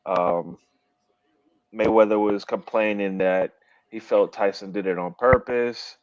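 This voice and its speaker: A man's voice: lowish voice, fairly even intonation, unhurried, clean tone, dry recording, dull audio. A man co-hosting a podcast in casual chat, telling stories loosely with fillers and frequent laughs. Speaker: podcast co-host.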